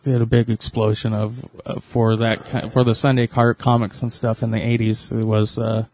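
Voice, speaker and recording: A man co-hosts a podcast in casual, hesitant chat, with many fillers and restarts. His mid-range voice is a little mellow, with little pitch movement and normal speed, against slight background noise.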